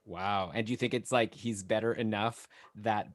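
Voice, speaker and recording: A man's voice: on the low side, steady tone, moderate pace, no echo. A man hosting a podcast in a casual chat, asking questions and teasing his guest. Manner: inquisitive, teasing. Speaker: podcast host.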